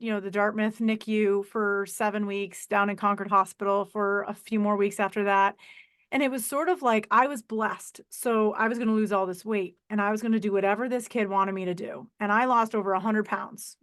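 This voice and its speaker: A woman in her forties hosting a podcast, telling a personal story in a lively, emotional way over a video call. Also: mid-range voice, normal speed, clear, resonant tone. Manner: animated, emotional storyteller who acts out voices in quotes. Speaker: podcast host. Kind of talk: casual conversational storytelling.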